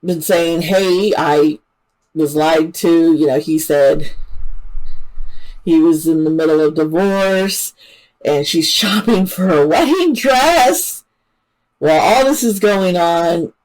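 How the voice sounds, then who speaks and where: A woman's voice: on the low side, slow, a little mellow, poor audio. A woman hosting her own channel, giving casual true-crime commentary in a chatty, emotional way with many fillers and restarts. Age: adult parent. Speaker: channel host.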